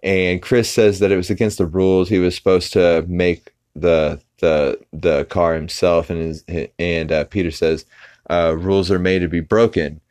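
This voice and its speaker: A man's voice: sits low, little pitch movement, unhurried, darkish tone, clean tone. A man hosting a podcast, casually recapping an episode in a rambling way full of fillers and restarts. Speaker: podcast host.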